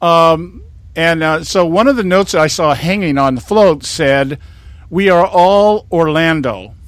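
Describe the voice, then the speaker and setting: A man's voice: fairly high pitch, moderate pace, fairly bright tone, no room sound. A man in his sixties from California, hosting a talk show in a rambling, indignant monologue with many restarts. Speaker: host.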